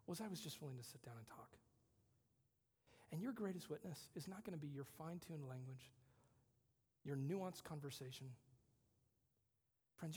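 Husky-voiced male pastor preaching in a hall. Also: on the high side. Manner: conversational, shifting from loud emphasis to hushed whispers. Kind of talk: sermon.

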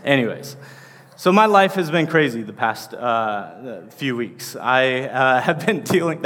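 Animated and unhurried, the associate pastor speaks at medium pitch with a sharp tone. The man, in his thirties, rambles casually through his sermon with many fillers, and the sanctuary's large hall echoes with long reverb.

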